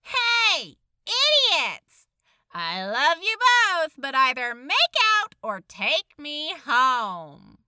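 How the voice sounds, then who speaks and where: A woman's voice: sits high, huge pitch swings, very slow, heavily acted. A woman voicing a brash, playful young woman who teases her friends, in a podfic. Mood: teasing. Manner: loud, mocking, playful. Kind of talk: podfic character voice.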